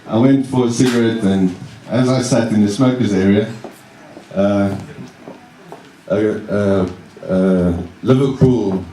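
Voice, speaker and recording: Unhurried best man, roomy echo. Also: on the low side, warm tone, slight background noise. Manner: halting, self-deprecating, chuckles along. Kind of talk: wedding speech. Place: wedding reception room. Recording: roomy echo, mic at a distance.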